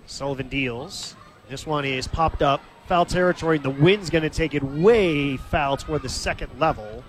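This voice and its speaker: A man calling live baseball play-by-play in a steady, conversational way, lifting his voice briefly when the action comes. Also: a little high, moderate pace. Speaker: play-by-play announcer. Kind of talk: live baseball radio commentary.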